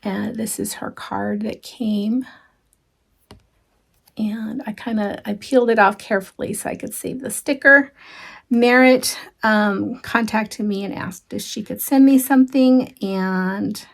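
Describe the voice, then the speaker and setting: A woman chatting casually to her viewers as she shows off stitching gifts, gushing warmly and dropping into soft asides with frequent ums. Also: mid-range voice, unhurried, vocal fry. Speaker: cross-stitch vlogger. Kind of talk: casual show-and-tell chat.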